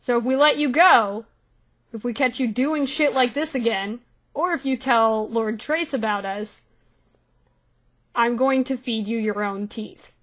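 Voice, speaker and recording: A blunt, impatient adventurer lectures and threatens in a tabletop game, played by a woman. The tone is bright and forceful, a little high, close to the player's own voice. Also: measured pace. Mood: threatening.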